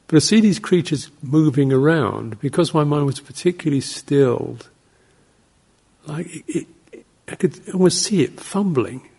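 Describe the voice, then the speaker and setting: A man, a Buddhist monk, giving an informal dharma talk in a rambling, anecdotal way, breaking into soft laughs and short acted-out exclamations. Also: a little high, lively intonation, moderate pace, vocal fry, husky. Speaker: Buddhist monk teaching meditation.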